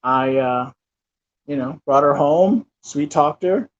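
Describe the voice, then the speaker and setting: A man in his thirties rambles through a personal story, full of fillers and false starts. His voice sits a little high. The recording is dull and lo-fi. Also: slow pace. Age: 30s. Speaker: channel host. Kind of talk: casual storytelling.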